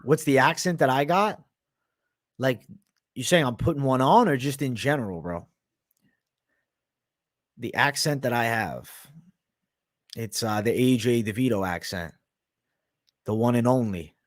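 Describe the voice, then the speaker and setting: A young man with a mixed Boston and New York sounding accent, hosting a live MMA betting show in a brash, profane, animated way, talking back to live viewers. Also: medium pitch, a little slow, pauses often, no echo, studio quality. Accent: mix of Boston, Canadian and Italian, often heard as New York. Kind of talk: live-stream commentary, casual and profane.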